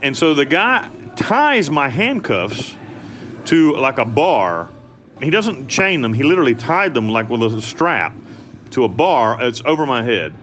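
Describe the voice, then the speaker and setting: A man's voice: mid-range voice, big pitch swings, unhurried, a bit bright, a little hiss or hum. A man from the United States telling his story as an interview guest, blunt and profane, rambling with restarts. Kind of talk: candid storytelling.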